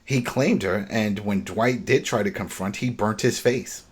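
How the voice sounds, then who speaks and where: Husky man retelling a TV episode. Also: on the low side, unhurried. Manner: animated retelling, acting out dialogue. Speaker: podcast host recapping a TV episode. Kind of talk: casual podcast chat.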